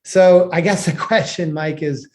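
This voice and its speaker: A man co-hosting a podcast, talking in a relaxed, chatty way full of "like" fillers. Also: fairly high pitch, a little slow, a little hiss or hum. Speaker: podcast co-host. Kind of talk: casual conversational hosting.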